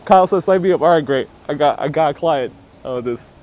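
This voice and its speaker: A man's voice: fairly high pitch, a little fast, a little mellow. A man hosting a casual walking live stream outdoors on a city street, joking around and reading viewer comments aloud. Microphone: phone on gimbal with wireless lapel mic.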